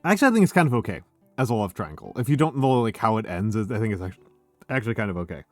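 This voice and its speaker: A man's voice: fairly low pitch, lively intonation, fast talker, no echo, soft background music. Sardonic, swearing man streamer. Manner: sardonic, swears freely, laughs often. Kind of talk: casual chat.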